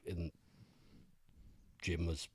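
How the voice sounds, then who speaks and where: A man's voice: low voice, level tone, drawn-out words, slightly rough, no room sound. A man co-hosting a casual podcast, telling loose stories full of swearing. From Maine. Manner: swears freely, storytelling, laughs at own stories. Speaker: podcast co-host. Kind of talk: casual chat.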